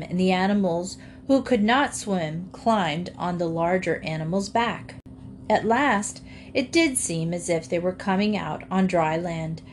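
A woman reading a children's storybook aloud in a clear, expressive way. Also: fairly low pitch, slight background noise. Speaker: audiobook reader.

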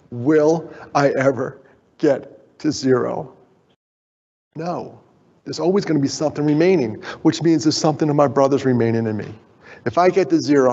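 A man's voice: medium pitch, dark tone. Middle-aged man speaking in an echoey hall. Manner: jokey, draws in the audience, then turns earnest. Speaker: keynote speaker. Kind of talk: motivational conference talk. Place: conference hall. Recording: dull, echoey hall sound.

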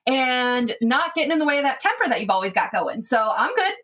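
A woman's voice: sits high, big pitch swings, brisk, a bit bright. A smug, lazy smith lounges at the bar with her beer, as a woman game master plays her, throwing out teasing remarks in a raised, lilting voice. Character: lazy off-duty female smith drinking beer.

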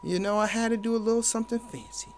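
A young man commentating his own video game match for viewers, playful and hyped, with sudden loud exclamations. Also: high-pitched, fairly even intonation, fast, a little hiss or hum. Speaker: gaming YouTuber. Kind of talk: live gameplay commentary.

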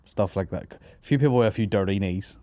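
A man's voice: deep voice, fast talker, mellow, no echo, clean studio sound. A young man hosting a comedy podcast, telling stories with lots of swearing and laughing asides. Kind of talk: casual banter.

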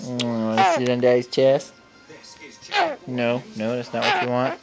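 A man's voice: medium pitch, flat delivery, measured pace, loud music behind the voice. A young father chatting playfully with his baby in a home video, teasing and chuckling.

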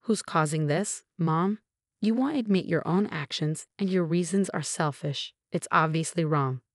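A woman reading as a calm, firm husband. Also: fairly high pitch, dry recording, clean studio sound. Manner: measured, cold and firm.

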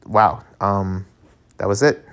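A man's voice: lowish voice, fairly even intonation, slow pace. A man reading a webcomic aloud, reacting in a casual, chatty way. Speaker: webcomic reader.

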